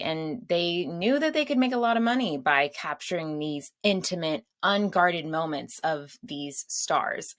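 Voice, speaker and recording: A woman's voice: lowish voice, a bit bright. A woman hosting her own show, chatting casually and laughing at her own asides. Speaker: podcast host. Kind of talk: casual solo chat.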